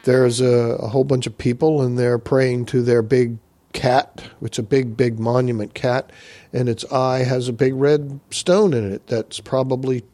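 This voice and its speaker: A man's voice: mid-range voice, steady tone, normal speed, mellow. A man casually recapping a comic book story in a rambling way, with frequent uhs.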